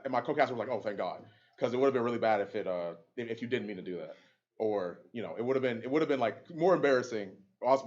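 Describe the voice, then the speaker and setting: Brief: quick chatty male caster, lots of ums, dull lo-fi audio. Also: mid-range voice, a little mellow. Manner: fast, laughing storyteller with many fillers. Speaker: esports caster and panelist. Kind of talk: casual panel chat.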